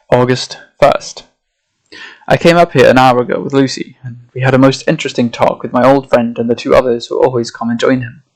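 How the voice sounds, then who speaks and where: A man reading a classic novel aloud at a measured, steady pace. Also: medium pitch, rough recording. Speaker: audiobook reader and streamer.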